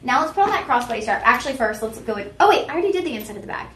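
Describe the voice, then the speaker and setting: This young shopping-channel host talks very fast in a high, fairly bright voice with big swings in pitch, chatting directly with viewers and teasing herself. The room is echoey, with a little hiss or hum in the background.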